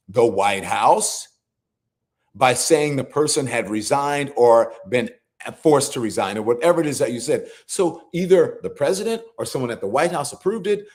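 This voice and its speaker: A middle-aged man hosting a live political commentary show, scolding and incredulous, swearing freely as he argues. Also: mid-range voice. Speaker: host.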